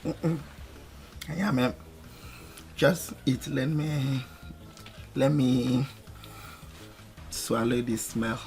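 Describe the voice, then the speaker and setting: A man's voice: medium pitch, very slow, long pauses, a little mellow. An actor with a Nigerian Pidgin accent playing a nervous, hesitant young man hiding his girlfriend. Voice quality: hesitant, timid. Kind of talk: film comedy acting. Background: film score music.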